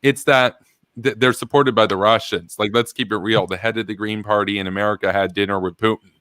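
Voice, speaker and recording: A man's voice: fairly low pitch, fairly even intonation, fairly quick, fairly bright tone, no echo, clean studio sound. A man hosting a live political stream, talking casually and with animation, reading chat messages aloud and laughing often.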